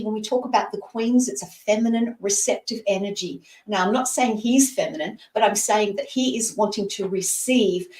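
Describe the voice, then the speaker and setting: A woman's voice: medium pitch, echoey room, distant mic, poor audio. A Scottish-born woman in her sixties giving a live tarot reading in a reassuring way, speaking to the person asking by name. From Scotland. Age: 60s. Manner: warm, reassuring, talks to the asker by name. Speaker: psychic reader.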